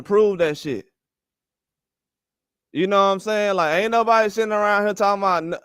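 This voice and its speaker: An older boxing commentary host launches into a heated opinion rant, fired up and swearing often as he fires the same rhetorical questions again and again. His high voice is smooth, clear and fairly bright, and the dry recording carries no room sound.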